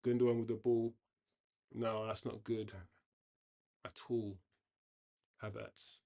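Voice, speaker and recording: A man's voice: fairly low pitch, flat delivery, slow, vocal fry, warm tone. Chatty opinionated man. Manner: chatty, opinionated, often restarts sentences. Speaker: watchalong host. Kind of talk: casual football commentary.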